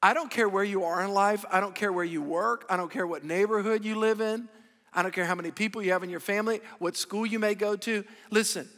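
A man's voice: high voice, fast, a bit bright. A middle-aged male pastor preaching a sermon in an earnest way, repeating key phrases for emphasis. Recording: long hall reverb.

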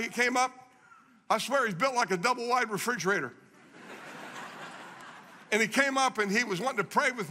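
Preaching as a guest, a middle-aged man tells stories with animation and drives points home through repeated phrases. His very high voice sounds pushed and bright, echoing through a large hall's long reverb.

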